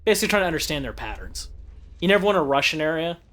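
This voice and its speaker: A man's voice: on the high side, sing-song, racing, a bit bright. A young man giving casual, joking commentary over gameplay, offering tips and laughing often. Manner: giggly, jokey, gives gameplay tips. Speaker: let's play commentator.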